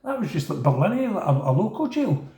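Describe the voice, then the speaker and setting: A man's voice: high voice, a little fast. A middle-aged man with a Glaswegian accent telling a casual, rambling story and acting out the voices of other people. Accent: Scottish, Glaswegian. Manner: rambling, animated, acts out quoted voices. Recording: echoey room.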